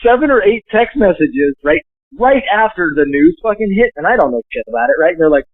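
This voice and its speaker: A man talking as a podcast guest in casual chat, joking and cursing as he tells stories in a lively way. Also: sits high, brisk, dry recording. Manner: profane, joking, animated storyteller. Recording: tinny dry phone line.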